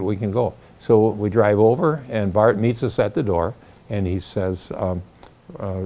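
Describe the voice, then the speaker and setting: A man's voice: on the low side, warm tone. An older man telling a story in a folksy, casual way, acting out the voices of the people he quotes. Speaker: storyteller recounting the founding.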